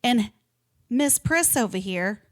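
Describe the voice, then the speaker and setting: Animated woman telling a story. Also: a little high, slow pace. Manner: animated, acts out quotes, swears and laughs. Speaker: podcast co-host. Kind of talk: casual chat, storytelling.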